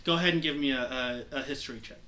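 A man's voice: medium pitch, rapid-fire, pushed and bright. A young man narrating a tabletop game as game master, rambling with lots of fillers. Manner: rambling, heavy use of "like" fillers.

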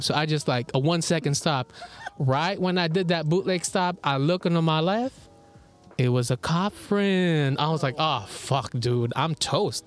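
Male podcast co-host, high-pitched, animated casual storyteller, salty language. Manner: animated, swears freely, laughs often. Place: indoor recording with co-host beside him.

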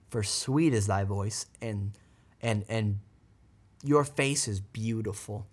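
A man's voice: fairly low pitch, slow, breathy edge. Fervent man teaching scripture on a podcast. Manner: earnest and fervent, with bursts of praise; reads scripture aloud, then explains it. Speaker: podcast host.

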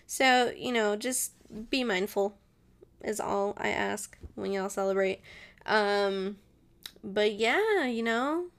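Slow-talking woman host, Spanglish chat. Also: mid-range voice. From Mexican family. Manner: rambling, laughing, switches into Spanish. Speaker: podcast host. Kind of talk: casual solo chat.

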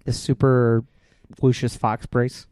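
A man's voice: mid-range voice, slow, clean tone, dry recording. A man co-hosting a casual movie chat, telling stories with lots of "like" fillers. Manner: animated storyteller, lots of "like" fillers.

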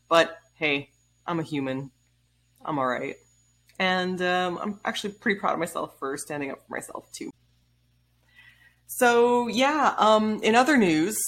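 Low-voiced woman telling a wry story. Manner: animated and wry, laughs while telling; blunt, swears casually. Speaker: vlogger. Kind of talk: casual storytelling monologue.

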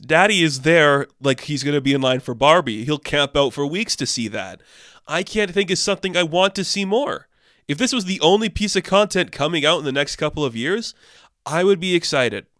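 A young man hosting casual entertainment news commentary, animated and sarcastic, swinging between deadpan asides and excited outbursts. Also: medium pitch, no echo, studio quality.

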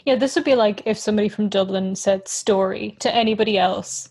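A woman's voice: medium pitch, fairly quick, darkish tone, slightly rough. A young woman co-hosting a podcast, chatting casually in a giggly, rambling, self-mocking way, wired on coffee. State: caffeinated. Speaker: podcast co-host. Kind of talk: casual chat.

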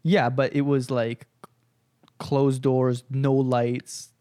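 A man telling stories on a casual podcast, animated and crude, breaking into laughter often. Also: mid-range voice, very slow, clear, resonant tone, dry recording, studio quality. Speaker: podcast co-host. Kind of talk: casual storytelling chat.

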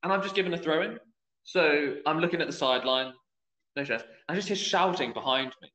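A young man who referees youth football tells a story during casual podcast chat, acting out the voices he quotes. His voice is a little high, fast, bright and forceful, in an echoey room with dull lo-fi sound.

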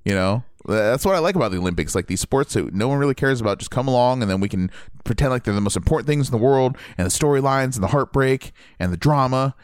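A young man from Ohio chatting casually as a podcast co-host, animated and talkative. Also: mid-range voice, fast, clean tone, no room sound, studio quality. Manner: animated, chatty, says dude and man a lot. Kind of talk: casual chat.

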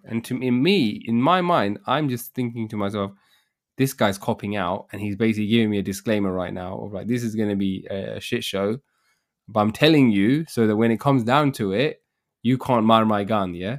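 A man's voice: fairly low pitch, moderate pace. A man co-hosting a podcast, telling a story in casual slangy chat and acting out the people in it. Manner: animated storytelling, slangy, acts out quotes. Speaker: podcast co-host.

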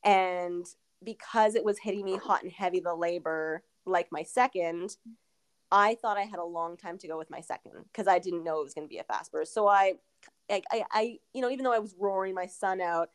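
A woman's voice: fairly low pitch, fairly quick, clear, resonant tone. A woman in her thirties, a podcast guest telling a personal story in a candid, rambling way with many fillers. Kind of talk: casual interview storytelling.

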